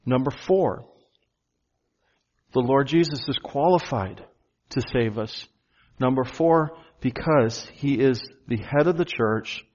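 A man preaching a sermon to his church, earnest, slowing down and stressing key phrases. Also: medium pitch, a little mellow, muffled recording. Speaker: pastor.

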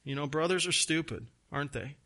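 Man preaching, bright, slightly high voice, emphatic stresses. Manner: emphatic, slows and stresses key words; folksy asides. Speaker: pastor. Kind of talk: sermon.

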